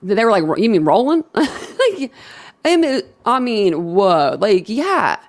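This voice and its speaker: A woman with a drawl hosts a casual livestream discussion. She talks in an animated, emphatic way and repeats words for effect. Her voice sits in an ordinary middle register. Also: mid-range voice, slow pace. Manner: laughing, animated, emphatic repetition. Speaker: host.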